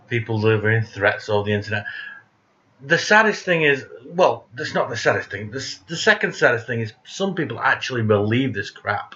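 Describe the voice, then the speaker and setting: A man's voice: lowish voice, moderate pace, a bit bright, dull audio. A man ranting in a casual monologue, blunt, profane and sarcastic, who speaks of himself as "we". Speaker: vlogger.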